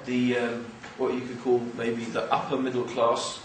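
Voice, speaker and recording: A man's voice: medium pitch, moderate pace, a little hiss or hum. English man lecturing in an echoey hall. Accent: English, mixed with East London. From England. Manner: animated, joking, conversational. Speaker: Islamic speaker. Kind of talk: religious lecture to an audience. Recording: very echoey hall, mic far off.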